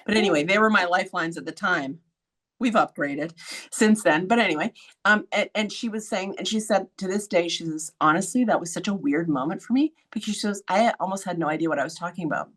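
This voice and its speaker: A woman hosting a podcast, telling a story in a casual, blunt way, swearing freely and acting out quoted voices with sudden high jumps. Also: fast, fairly bright tone. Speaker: podcast host.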